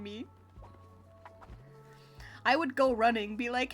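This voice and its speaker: A woman livestreaming a video game, chatting casually with her viewers in a giggly, expressive, playfully complaining way. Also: on the high side, moderate pace. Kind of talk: casual gameplay chat with viewers. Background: faint game music.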